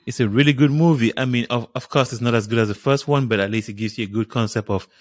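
A man's voice: mid-range voice, fast talker, no room sound, studio quality. A man with a French accent co-hosting a casual podcast, easygoing and upbeat. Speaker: podcast co-host.

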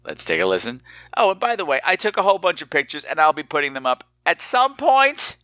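Podcast host guy rambling through a story, bright forceful voice, kinda high, dry sound. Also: fairly quick, dry recording. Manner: animated, rambling, self-mocking. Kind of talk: casual storytelling.

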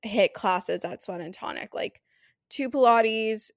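A woman's voice: on the high side, slow pace, no echo, studio quality. Gushing young woman, chatty podcast host. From Canada. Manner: chatty, filler-heavy, gushing and emotional. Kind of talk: casual solo podcast chat.

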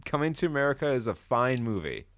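A man co-hosting a podcast, chatting casually about a movie, animated and swearing freely as he acts out lines from trailers. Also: mid-range voice, fast, no room sound. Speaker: podcast co-host. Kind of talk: casual movie review chat.

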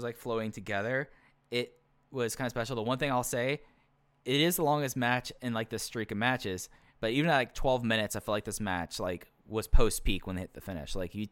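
A man's voice: medium pitch, a bit bright, no echo. A man co-hosting a casual wrestling review podcast, easygoing and self-deprecating with rambling thoughts. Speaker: podcast co-host.

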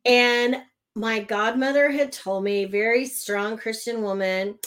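A middle-aged woman from Oklahoma tells her personal story in conversation, animated and laughing between lines. Her voice is on the high side and slow, and the recording is low quality.

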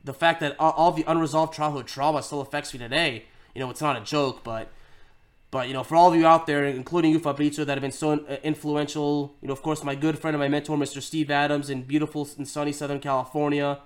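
Guy in his 30s hosting his podcast, rambly and emotional, kinda high voice. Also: level tone, fast talker. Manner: rambling, repeats words, emotional. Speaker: podcast host. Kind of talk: heartfelt casual monologue.

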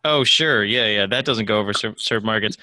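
A man's voice: lowish voice, brisk, sharp tone, dry recording. A man co-hosting a podcast in casual chat, making wry, sarcastic quips with some swearing. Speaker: podcast co-host.

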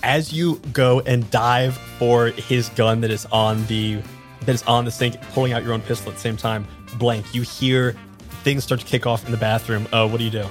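A man narrates as game master of a tabletop role-playing game, describing scenes in a relaxed way with small fillers. His voice is mid-pitched, with faint music underneath. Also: normal speed.

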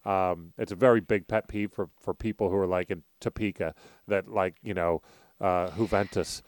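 A man's voice: sits low, fairly even intonation, normal speed. A man with a Philadelphia accent co-hosting a podcast, talking sports bets in a brash, profane, joking way. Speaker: podcast co-host. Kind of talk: casual sports betting chat.

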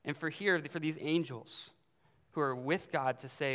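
A man's voice: a little high, measured pace, fairly bright tone, clean tone. A man preaching a sermon as youth pastor, in a casual, conversational way with fillers. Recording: long hall reverb.

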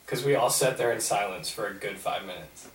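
A young man on a podcast, retelling a story in a rambling, animated way. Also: lowish voice, fairly quick. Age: young adult. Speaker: podcast host. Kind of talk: casual storytelling. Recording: roomy, mic at a distance.

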